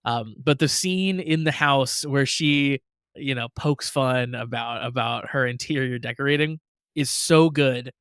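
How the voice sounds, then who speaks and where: A man's voice: mid-range voice, a little slow, a bit bright, smooth, no echo, clean studio sound. A man co-hosting a podcast, talking in an enthusiastic, gushing way with lots of casual fillers. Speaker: podcast co-host. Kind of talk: casual chat.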